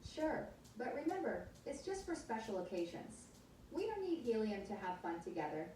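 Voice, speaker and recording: A woman's synthetic voice reading the lines of a caring, sensible mother hedgehog in a storybook, in a smooth, calm read. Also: fairly high pitch, moderate pace, recorded from a distance, a little hiss or hum. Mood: gentle. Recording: echoey room, smart speaker heard from afar.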